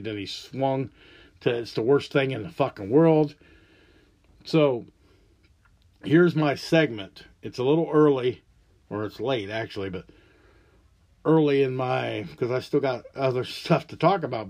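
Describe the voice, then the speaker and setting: A man's voice: mid-range voice, darkish tone. A man hosting a solo podcast, delivering an angry, profane, rambling rant. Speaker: podcast host.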